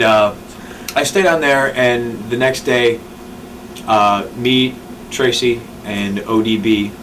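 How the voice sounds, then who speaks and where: A man, a pro wrestler, telling a rambling casual anecdote in an interview, full of fillers and restarts. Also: fairly low pitch. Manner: rambling, with fillers and self-corrections. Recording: distant mic with clear background noise.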